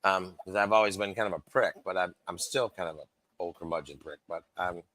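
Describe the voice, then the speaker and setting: A middle-aged man telling his story over a video call in a casual, animated way, acting out the voices of the people he quotes and swearing freely. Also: sits low, brisk, dry recording, rough recording. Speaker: guest.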